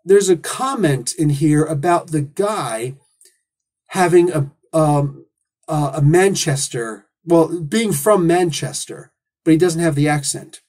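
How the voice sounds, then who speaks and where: A man's voice: on the high side, slow pace, darkish tone. A man hosting a comic book review, talking in a casual, opinionated monologue full of rhetorical questions and asides.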